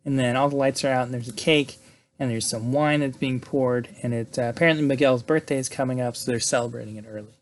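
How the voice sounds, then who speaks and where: A man in casual conversation, recounting a story in a loose, chatty way. He swears freely and keeps checking in with "right?". His voice sits at an ordinary middle pitch. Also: fairly even intonation, fast. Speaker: podcast host recapping a film. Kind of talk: casual retelling.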